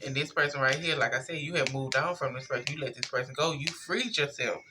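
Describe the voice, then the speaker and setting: A woman giving a casual tarot reading, talking straight to her viewers in a relaxed, slangy way. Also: a bass voice, fast talker, noisy background. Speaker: tarot reader.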